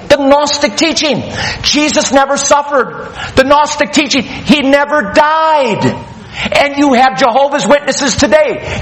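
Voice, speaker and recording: A man's voice: extremely high pitch, fairly bright tone. A man preaching a sermon, teaching from the Bible in an emphatic, fired-up way.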